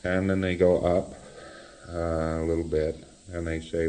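A man's voice: low voice, flat delivery, unhurried, mellow. A man lecturing in a wry, explanatory way, often chuckling at his own examples. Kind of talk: recorded lecture.

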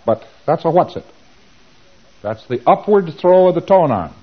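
A man's voice: fairly high pitch, big pitch swings, normal speed, slightly rough, lo-fi sound. A man giving an informal lecture, animatedly acting out both sides of the dialogues he describes.

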